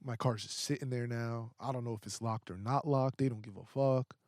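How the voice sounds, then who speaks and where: A young man, a podcast guest, telling a story in a casual, animated way, with heavy swearing and lots of fillers. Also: mid-range voice, fairly quick, no echo, clean studio sound.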